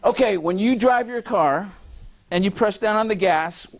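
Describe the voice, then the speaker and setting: A man's voice: high voice, moderate pace. A man giving a university lecture, quizzing the audience and joking as he goes. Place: lecture hall.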